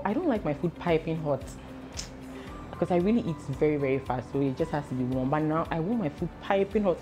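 Young woman vlogger, low-ish voice, chatty and emotional, slips into pidgin, faint music under her. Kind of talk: casual pregnancy update vlog.

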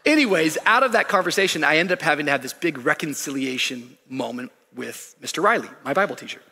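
A male pastor tells a story in an animated, humorous sermon. His voice is bright and a bit husky, set slightly high. It carries the long reverb of a big church hall. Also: quick pace. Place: church stage.

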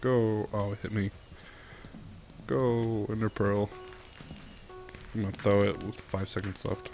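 A man's voice: fairly low pitch, steady tone, measured pace, music in the background. A young man giving casual gameplay commentary, giggling and swearing at himself. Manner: giggly, self-mocking, swears often. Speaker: gaming YouTuber.

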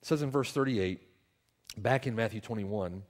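A male pastor preaching a sermon, repeating his questions and swinging from hushed reflection to loud, pleading appeals. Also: lowish voice, moderate pace. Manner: rhetorical repetition and questions.

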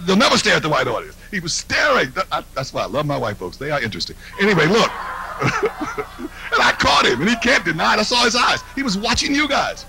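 A man on a comedy stage doing stand-up, brash and mocking. His pitch rises high and drops low as he swings between jabs and hushed asides. His voice has a bright, sharp edge. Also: huge pitch swings, brisk, vocal fry, poor audio. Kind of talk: live stand-up routine.

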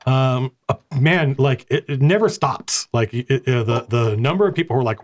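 Sex: man. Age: middle-aged. Role: game master. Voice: mid-pitched, casual, rambling. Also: normal speed. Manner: casual, rambling, with many restarts. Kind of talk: narrating a tabletop game.

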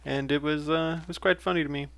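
A man's voice: a little high, steady tone, fast, creaky. A young man giving casual, rambling commentary while playing a game, with frequent fillers and self-corrections. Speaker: let's play gamer.

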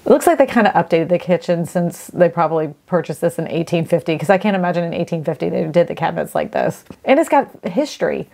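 A woman's voice: fairly low pitch, animated, fast, vocal fry, a little mellow. A woman real estate agent hosting a casual vlog, chatting enthusiastically as she browses and gushes over listings.

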